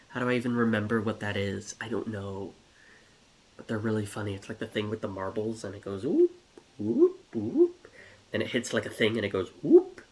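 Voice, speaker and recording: A man telling a rambling, comedic story in a scatterbrained way, with giggles and many restarts. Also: mid-range voice.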